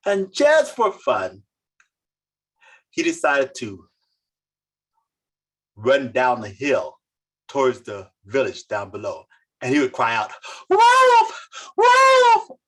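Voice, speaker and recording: A storyteller telling folk tales slowly and dramatically over a video call. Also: husky. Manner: slow, dramatic, with sweeping pitch. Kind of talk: oral folk tale telling.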